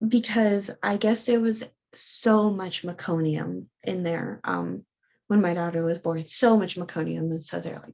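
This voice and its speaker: A woman's voice: lowish voice, lively intonation, a little slow, creaky, darkish tone. A young woman from the United States, telling a personal story casually and animatedly, with many ums and likes, acting out the voices of the people she quotes. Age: young adult. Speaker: guest sharing her birth story.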